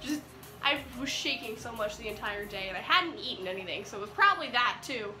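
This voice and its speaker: A high-voiced teenage girl rambles giddily through a vlog story, packing her sentences with "like". Her tone is bright and sharp. The room rings with echo, and faint music plays behind her. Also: lively intonation, brisk. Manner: giddy, rambling with many "like"s. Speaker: vlogger. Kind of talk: excited storytime chat.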